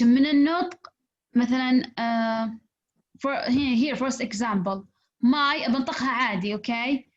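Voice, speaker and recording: A woman teaching an English class, explaining slowly in English and switching into rapid Arabic. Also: on the high side. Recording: dull lo-fi recording.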